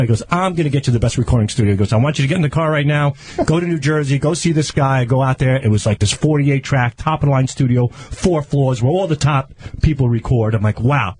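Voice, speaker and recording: A man, a radio show regular who tells stories in a lively way and acts out other people's lines. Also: mid-range voice, slightly rough. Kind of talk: casual radio chat.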